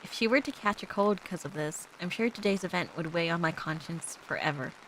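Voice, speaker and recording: A woman's voice: fairly low pitch, fairly quick, a bit bright, slight background noise, poor audio. A young woman streaming as a VTuber, chatting playfully with lots of giggles and reading a visual novel aloud.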